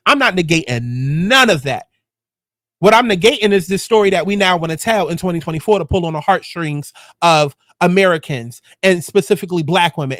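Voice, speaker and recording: A man's voice: high voice, fairly bright tone, no echo, clean studio sound. A man hosting a celebrity gossip commentary show, talking bluntly and heatedly with plenty of profanity. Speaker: host.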